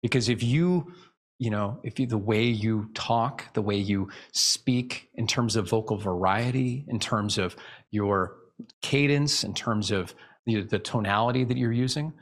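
A man's voice: medium pitch, normal speed. A man speaking as an interview guest, explaining speaking tips in a coaching tone and acting out vocal examples. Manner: coaching tone, demonstrates vocal examples, many restarts. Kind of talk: casual interview chat.

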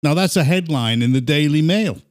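A man hosting a political chat, his voice pitched a little high. He sounds earnest and indignant as he steers the talk. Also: lively intonation, a little fast. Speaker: host.

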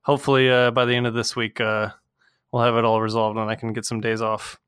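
A man's voice: medium pitch, flat delivery, quick pace, a bit bright, smooth, no room sound, clean studio sound. Rambling young man hosting a podcast. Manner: rambling, swears freely, acts out quotes in a raised voice. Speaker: podcast host. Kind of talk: casual chat.

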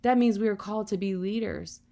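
A woman's voice: medium pitch, a little fast, vocal fry, mellow. Earnest woman preaching a sermon. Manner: earnest, encouraging, with frequent "you know" fillers.

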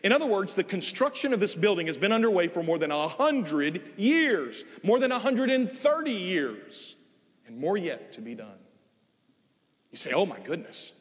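Older preacher, lively, echoing sanctuary. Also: male voice, high voice. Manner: earnest, swings from loud emphasis to soft, drawn-out phrases. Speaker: guest preacher. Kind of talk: sermon. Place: church sanctuary.

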